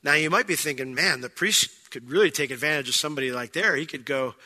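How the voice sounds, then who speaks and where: A pastor works through his sermon verse by verse, talking conversationally and playing out small scenes in different voices. He speaks fast at a fairly high pitch, pushed and bright, with hardly any pauses. Long reverb trails through the church sanctuary.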